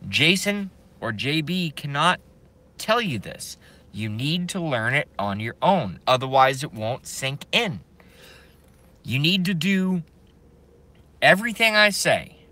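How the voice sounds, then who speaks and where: Slow, bright-voiced man live streaming. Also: fairly high pitch. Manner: emphatic and repetitive, laughs in disbelief. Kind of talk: live stream monologue reading chat.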